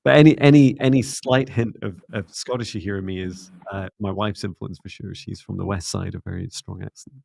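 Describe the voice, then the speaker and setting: A middle-aged man hosting a spiritual livestream, talking in a soft, gently meditative way. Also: low-pitched, fairly even intonation, moderate pace, gravelly, hardly any pauses, husky. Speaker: psychic mentor and livestream host. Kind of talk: casual livestream chat and guided closing.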